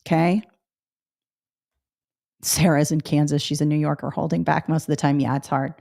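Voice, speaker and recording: A woman's voice: sits low, little pitch movement, moderate pace, vocal fry, warm tone. Blunt, chatty woman test prep teacher. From Northeastern US. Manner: blunt, direct, chatty with asides to the chat. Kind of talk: live webinar teaching.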